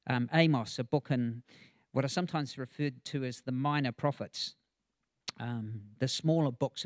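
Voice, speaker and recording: A man's voice: mid-range voice, no echo, studio quality. A man preaching a conversational sermon, with chatty asides, chuckles and frequent ums.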